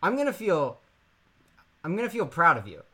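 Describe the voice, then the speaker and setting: A man's voice: on the high side, wildly swooping pitch, moderate pace, bright, forceful tone, husky. A man in casual comedic chat with a friend, laughing often and acting out imagined conversations.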